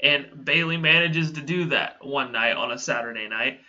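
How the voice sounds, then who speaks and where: A man's voice: mid-range voice, moderate pace, bright, forceful tone, highs cut off. Young man telling a rambling story. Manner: rambling, laughing often, swearing. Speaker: vlogger. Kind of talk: casual storytime.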